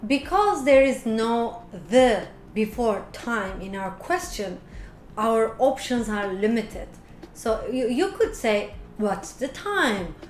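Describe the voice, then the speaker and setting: Woman teacher, slow careful explanations, higher voice, echoey room, faint noise. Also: expressive, a little mellow. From Turkey. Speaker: English teacher. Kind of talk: explaining a grammar quiz.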